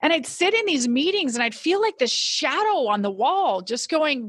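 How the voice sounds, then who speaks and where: A woman's voice: high voice, normal speed, hardly any pauses, dry recording, studio quality. Earnest middle-aged woman telling her story. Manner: earnest, animated quoting of her own past thoughts. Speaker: podcast guest, business owner. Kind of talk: personal storytelling.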